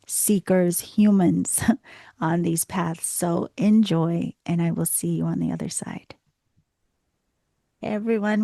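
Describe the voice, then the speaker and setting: A woman with a Boston accent hosts a podcast, her lowish voice carrying a gravelly fry. She gushes warmly over her guest, and the sound is close and dry with no room around it. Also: dry recording. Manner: effusive, gushing with praise. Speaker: podcast host. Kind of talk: podcast interview.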